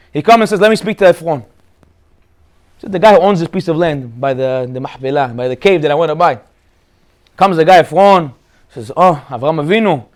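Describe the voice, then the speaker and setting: A man giving a Torah talk as a rabbi, telling stories in an animated way and acting out the characters. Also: high voice. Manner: animated storyteller, acts out characters.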